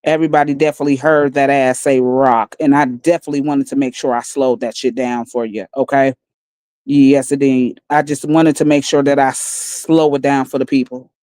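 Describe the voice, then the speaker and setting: A woman livestreaming on her phone, taunting and mocking others in a calm, profane, smooth way. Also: extremely low pitch, moderate pace, no room sound. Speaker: livestream host. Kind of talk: casual livestream rant.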